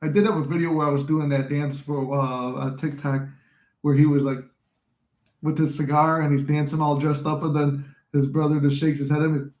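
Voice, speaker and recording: A man's voice: a little high, little pitch movement, normal speed, darkish tone, reverberant. A man hosting a casual live chat who jokes, laughs often and acts out movie scenes. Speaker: podcast host.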